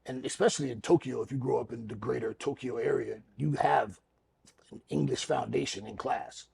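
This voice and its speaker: A middle-aged man co-hosting a podcast, telling stories in casual chat, animated and swearing freely. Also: medium pitch, moderate pace, creaky, slightly rough. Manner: animated, acts out quotes loudly, laughs, profanity. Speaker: podcast co-host, former wrestler.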